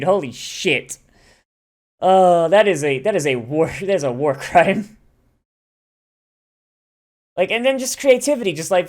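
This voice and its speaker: An excitable reaction host talking casually through an anime episode, swearing freely and tripping over restarts. The talk runs at mid pitch and swings between loud enthusiasm and mumbled asides. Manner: profane, enthusiastic, rambling with many restarts. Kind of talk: casual watch-along commentary.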